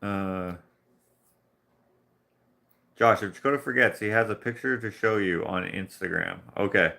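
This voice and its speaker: A man's voice: on the low side, measured pace, vocal fry, pushed and bright. A man from Canada chatting casually during a live painting stream, rambling through anecdotes and chuckling along. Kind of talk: casual chat while painting.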